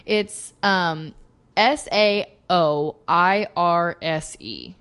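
A woman co-hosting a podcast in casual chat, excitable and joking, laughing often. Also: on the low side, very slow, smooth. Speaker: podcast co-host.

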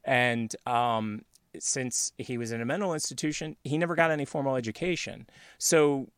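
A man's voice: mid-range voice, normal speed, a bit bright, clean tone, no room sound. Dry-miked man telling a rambling story. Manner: rambling, laughs often, acts out quoted voices. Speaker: podcast host. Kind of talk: casual storytelling chat.

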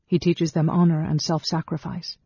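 A man giving a steady, measured audiobook reading of a fantasy novel. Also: on the high side, creaky, breathy edge. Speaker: audiobook narrator. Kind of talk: scripted narration. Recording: dull, dry studio sound.

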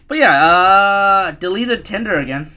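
A man's voice: sits high, expressive, measured pace, bright, forceful tone. A young man in his twenties talks alone into his podcast mic in a loose, meandering rant. He chuckles at his own ideas, swears freely and mocks himself as he goes. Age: 20s. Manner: chuckling, profane, self-mocking. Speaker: podcast host. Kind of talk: rambling solo podcast rant.

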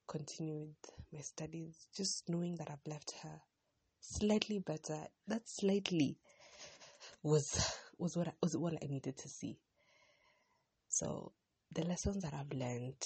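A young woman talks through her week on her own podcast, circling back and restarting her thoughts in a heartfelt ramble. Her voice sits low and soft-toned, with a strongly husky, breathy texture. The sound is close and dry, with no room around it. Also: dry recording. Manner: rambling, self-interrupting, heartfelt. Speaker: podcast host. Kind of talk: casual personal podcast monologue.

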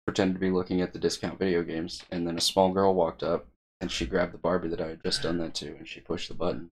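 A man's voice: sits low, level tone, fast talker, a little hiss or hum. A young man co-hosting a podcast in casual chat, telling stories in a dry, profane way. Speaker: podcast co-host.

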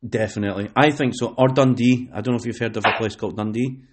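A man's voice: mid-range voice, fairly even intonation, fast, background noise. A man with a Scottish accent hosting a casual podcast chat, rambling with many fillers and restarts. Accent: Scottish, West Lothian. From Scotland. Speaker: podcast host.

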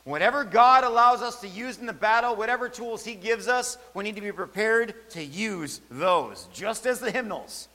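Emphatic preacher in a reverberant hall. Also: male voice, sits high, expressive, normal speed, few pauses, pushed and bright. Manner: emphatic, repeats key phrases. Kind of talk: sermon.

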